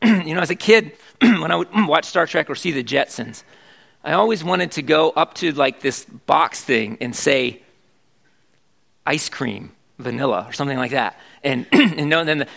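A man with a notably high-pitched voice delivers a sermon to his congregation. He is middle-aged and talks in an easygoing, conversational way, tossing rhetorical questions out to the room. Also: moderate pace, vocal fry, fairly bright tone. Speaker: pastor.

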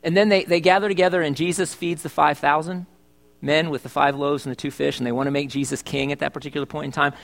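A man's voice: fairly high pitch, fairly even intonation, fast talker, gravelly, fairly bright tone. A middle-aged male pastor preaching a sermon in church, chatty and joking, asking his congregation questions. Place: church service.

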